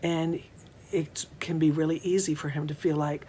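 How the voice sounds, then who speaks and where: A middle-aged woman who works as a mental health counselor, giving a conference talk in a gentle, measured way with unhurried pauses. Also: deep voice, steady tone, a little hiss or hum.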